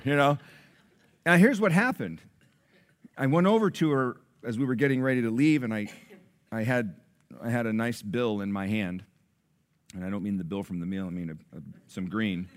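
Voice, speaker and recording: A middle-aged man preaching a sermon, telling a story with loud excited bursts and soft low asides. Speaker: pastor.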